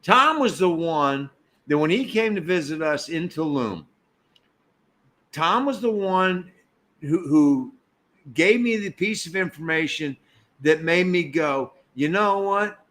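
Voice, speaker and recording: A man with a fairly high-pitched voice talks casually as a live-stream co-host. He often stumbles and restarts his sentences while thinking aloud. He grew up in the United States. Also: expressive, slow, long pauses, a bit bright. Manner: stammering restarts, reflective.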